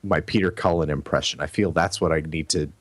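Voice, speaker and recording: Deep-voiced casual podcast co-host man. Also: a little fast, dry recording. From Canada. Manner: relaxed, rambling with fillers and restarts.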